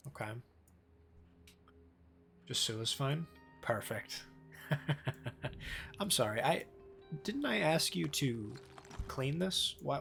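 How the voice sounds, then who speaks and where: A man with a medium-pitched, gravelly, fairly bright voice live streams a game, chatting casually with viewers. He rambles and pokes fun at himself throughout the gameplay commentary.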